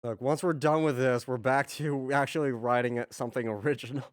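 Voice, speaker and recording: A man at a mid pitch talks half to himself as he works on a song. He mutters, trails off and picks his thoughts back up, casual and unscripted. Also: fairly even intonation, brisk, no echo, clean studio sound. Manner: muttering, self-talk, trailing off and restarting. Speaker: streamer writing music. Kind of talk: casual thinking aloud while working.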